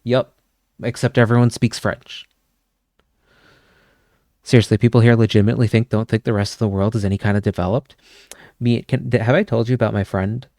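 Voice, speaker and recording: A man's voice: fairly low pitch, creaky, dark tone, dry recording, clean studio sound. A man streaming, chatting casually with his viewers, rambling and swearing as he goes. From Canada. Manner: rambling, swears often, chuckles.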